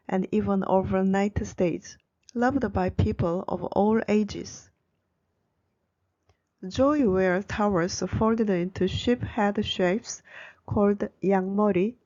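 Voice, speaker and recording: A woman giving a scripted narration as a Korean language educator, explaining in a bright, clear way. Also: mid-range voice, dull audio.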